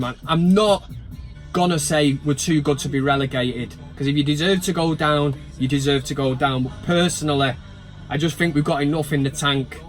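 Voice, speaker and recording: A man chatting casually to camera about his football club from inside a van, full of jokey, sweary banter and mock outrage. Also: a little high. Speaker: football fan vlogger.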